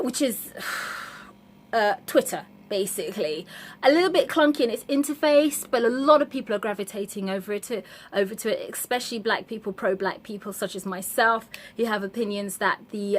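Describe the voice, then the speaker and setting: British woman ranting on her vlog, lots of ums and restarts, middle pitch, slight background hiss. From Britain. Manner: outspoken and emphatic, with frequent fillers and restarts. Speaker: vlogger. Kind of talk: casual vlog monologue. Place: at home in the evening.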